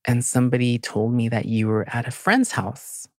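A woman's voice: a bass voice, fairly even intonation, normal speed, no echo, studio quality. A woman, asking questions in a direct, determined way. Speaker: older sister, interviewer. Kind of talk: conversational interview.

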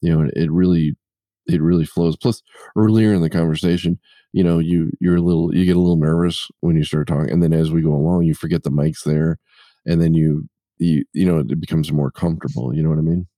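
A man's voice: extremely low pitch, fairly even intonation, fast, dark tone, dry recording, clean studio sound. A man hosting a casual podcast chat, rambling and correcting himself as he goes. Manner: rambling, self-correcting, jokey storyteller. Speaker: podcast host.

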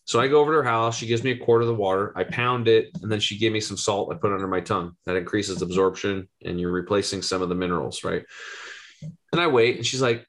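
A man in his forties, a health coach, telling an animated story in an interview and acting out the voices he quotes. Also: on the low side. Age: 40s. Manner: excitable, rapid, acts out quoted voices.

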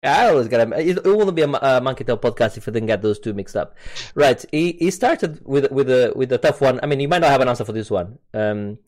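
A man's voice: mid-range voice, lively intonation, fast talker, darkish tone. A man hosting a podcast over a video call, chatting casually, rambling and repeating and restarting words. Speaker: podcast host. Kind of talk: casual chat. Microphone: mic on a video call recording.

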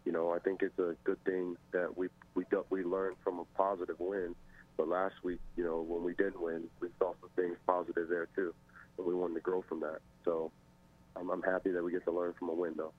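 A young male football player giving modest, measured post-game interview answers over a phone line. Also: deep voice, level tone, husky. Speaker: football player, wide receiver.

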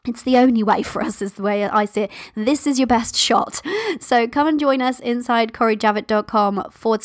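A woman's voice: on the high side, no room sound, studio quality. A woman hosting a motivational podcast, speaking encouragingly to her listeners and calling them "my love". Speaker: podcast host.

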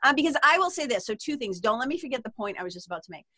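A woman with a Boston accent, chatting as a podcast guest in a lively, rambling way with frequent laughs. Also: on the high side, rapid-fire, no room sound. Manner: chatty and animated, given to tangents and laughter. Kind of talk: casual interview chat.

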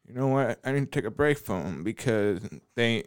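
Halting deaf man with a smooth voice. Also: medium pitch, lively intonation. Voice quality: speech of a deaf speaker. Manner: halting, repeats words often. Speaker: podcast regular. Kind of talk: casual podcast chat.

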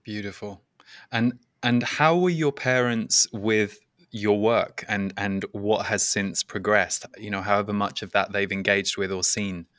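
A very low-pitched interviewer with a dry, close sound, asking a gentle question and offering quiet affirmations. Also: fairly even intonation, measured pace, no echo. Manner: soft, brief affirmations. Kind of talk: interview questions and listening cues.

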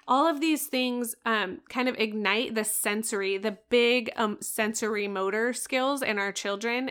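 A woman's voice: on the high side, fairly bright tone, clear, resonant tone. A woman in her thirties hosting a parenting podcast, talking straight to listeners in an earnest, coaching way. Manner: earnest, coaching, direct address. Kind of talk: solo podcast advice talk.

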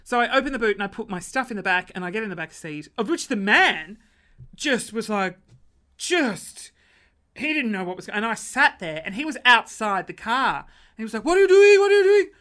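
A young Australian woman telling comic stories on her live stream. She acts out quoted lines in sudden high voices. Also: expressive, normal speed, sharp tone. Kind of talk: comedic storytelling.

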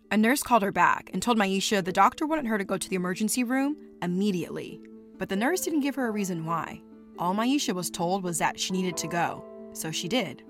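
A woman giving measured scripted narration for a podcast. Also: lowish voice.

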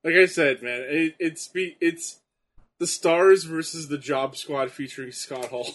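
A man's voice: fairly high pitch, measured pace, fairly bright tone. A man in casual chat about old wrestling, easygoing, laughing often and trailing off mid-sentence.

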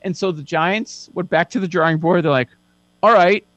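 A man's voice: fairly high pitch, steady tone, fairly bright tone, dry recording, muffled recording. Sarcastic man talking football bets. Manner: sarcastic, lists facts quickly. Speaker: sports betting host. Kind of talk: casual sports betting chat.

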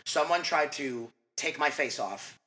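A man as a mindset coach guest in a casual interview, talking fast and rambling with lots of "like" and restarts. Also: on the high side, animated, bright, forceful tone.

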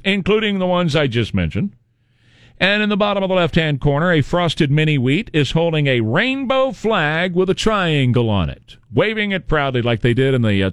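Sarcastic male talk host, slightly high voice, dry close sound, mocking rhetorical delivery. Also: no room sound. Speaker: political commentary host. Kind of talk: opinionated monologue.

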